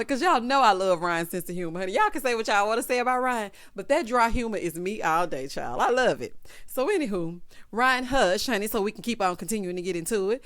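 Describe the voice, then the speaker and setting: A woman giving a sassy, gossipy recap of a reality show, calling people "honey" and "child" and breaking into loud laughter. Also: medium pitch, fairly quick, no room sound, clean studio sound. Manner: animated, bursts into loud laughter.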